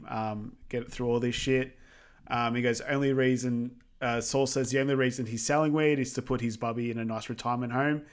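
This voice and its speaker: A man's voice: mid-range voice, clear, resonant tone. A man co-hosting a podcast, recapping a film in a rambling, casual way with frequent ums and easy laughs. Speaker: podcast co-host. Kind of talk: casual movie recap chat.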